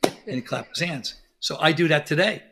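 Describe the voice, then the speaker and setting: Animated storytelling man, bright higher voice. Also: moderate pace, gravelly, background noise. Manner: animated storyteller, acts out quotes. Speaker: podcast guest, dentist. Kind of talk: conversational interview.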